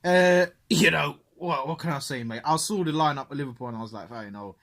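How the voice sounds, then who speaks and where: A man's voice: fairly high pitch, fairly quick, a bit bright. A man co-hosting a casual football podcast, swearing freely and saying "mate" at every turn. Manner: laddish, swears a lot, says "mate" constantly. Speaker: podcast co-host.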